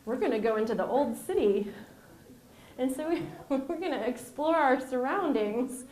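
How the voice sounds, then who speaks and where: A middle-aged woman in an interview, telling her stories in an animated way and acting out the voices she quotes. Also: sits high, normal speed. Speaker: former intelligence officer, guest. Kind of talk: interview storytelling. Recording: roomy reverb.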